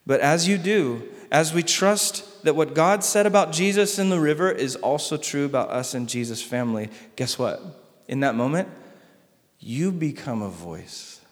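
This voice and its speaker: Pastor preaching with sweeping dynamics. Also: male voice, fairly high pitch, animated, normal speed, big-room sound. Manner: dramatic swings between loud emphasis and soft hushed lines. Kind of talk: sermon.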